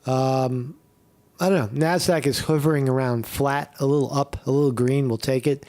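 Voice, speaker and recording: A man's voice: mid-range voice, steady tone, normal speed, a little mellow. A man hosting a livestream, ranting in a heated, profane way and repeating himself with many fillers. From Northeast Pennsylvania. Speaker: streamer host.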